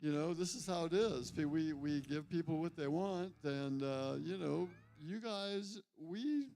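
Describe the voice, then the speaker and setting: A man's voice: a little high, a little slow, warm tone. A man hosting a live music radio show, chatting in a rambling, stop-start, jokey way. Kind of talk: casual live studio chat. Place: music studio with a small audience.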